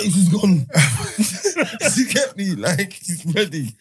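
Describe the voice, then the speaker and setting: Animated storytelling man. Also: high voice, a little slow. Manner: animated, laughing, slangy storytelling. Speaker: podcast host. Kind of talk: casual storytelling chat.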